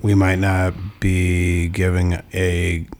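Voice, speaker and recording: A man casually explaining a philosophy text, halting and restarting often, with many fillers. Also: low voice, completely flat delivery, darkish tone.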